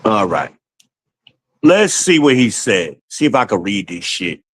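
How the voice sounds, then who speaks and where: Profane, animated man hosting a livestream. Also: lowish voice, measured pace, poor audio. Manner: profane, animated, laughs often, talks to chat as y'all. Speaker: livestream host reading chat. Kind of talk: casual livestream commentary.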